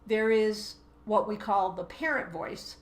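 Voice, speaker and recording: Woman, teacher, co-host, casual chat, explanatory, mid pitch, echoey room. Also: measured pace. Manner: explains at length, acts out voices in quotes. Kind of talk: casual two-person chat.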